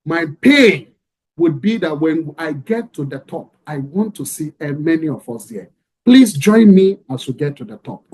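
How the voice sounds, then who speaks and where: Brief: emphatic male motivational speaker, high voice, preaching style. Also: animated, measured pace, darkish tone, husky. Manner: preaching, rhetorical questions, emphatic. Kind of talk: motivational lecture with a story.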